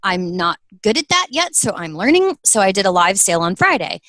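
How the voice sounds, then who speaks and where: A woman's voice: mid-range voice, sing-song, fairly quick, fairly bright tone, no echo, rough recording. A woman in her thirties talks earnestly about her business in an interview. She tells stories animatedly and slips into quoted voices. The sound is close and dry. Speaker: guest, apparel business owner. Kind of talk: interview conversation.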